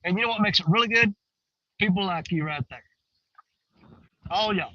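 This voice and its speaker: Outdoor vlogger: man, high, lively voice, bright and slightly lo-fi, folksy and rambling. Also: moderate pace, no room sound. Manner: folksy, animated, swings between excited and hushed. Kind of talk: casual rambling talk to viewers. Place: outdoors on a riverbank.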